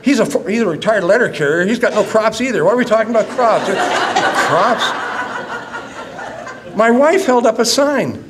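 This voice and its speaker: A school counselor in his fifties gives a conference-room talk that starts out humorous and turns earnest. His voice is high-pitched and moves at a moderate pace with frequent pauses, and the recording is very noisy. He comes across as an animated storyteller, laughing before growing earnest.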